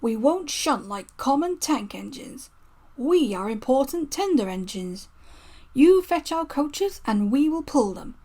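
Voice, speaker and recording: A woman's voice: high-pitched, sing-song, a little slow, a little mellow. A woman voicing a big, proud, rude male steam engine who boasts in a cheeky way.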